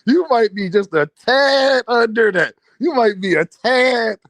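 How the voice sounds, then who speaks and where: Streaming from home, this boxing livestream host from Philadelphia chats loosely with viewers in an unhurried way, cracking jokes, cursing and laughing a lot. He has a high voice that moves widely in pitch, and the audio is dry and close with no room in it.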